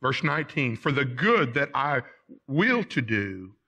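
Middle-pitched man preaching in church, folksy and plain, gets loud then goes quiet. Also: measured pace. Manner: animated preaching, swinging between loud emphasis and quiet asides; plain-spoken and folksy, often addressing the congregation as folks. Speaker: pastor. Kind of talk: Sunday sermon. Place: church sanctuary.

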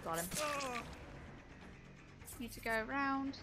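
A woman's voice: sits high, expressive, takes it slowly, over music. A young woman streaming a video game, swearing and taunting another player in a raging, profane way. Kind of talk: live gameplay commentary.

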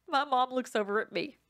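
A woman's voice: high-pitched, fairly bright tone. A woman hosting her own podcast, telling stories in a chatty, self-mocking way and laughing often. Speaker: podcast host. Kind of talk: casual storytelling monologue.

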